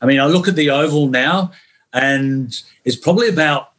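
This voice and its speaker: A man's voice: fairly high pitch, moderate pace, a bit bright. Older English man telling stories. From England. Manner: storytelling, chatty, peppers talk with "yeah". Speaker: guest. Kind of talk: podcast interview.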